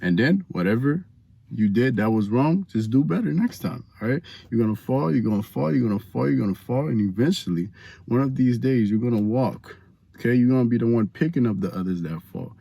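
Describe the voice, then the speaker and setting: A man giving casual faith advice to the camera, animated and slangy, talking straight to viewers. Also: mid-range voice, fairly quick, creaky, breathy edge, no echo. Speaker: Christian vlogger giving advice.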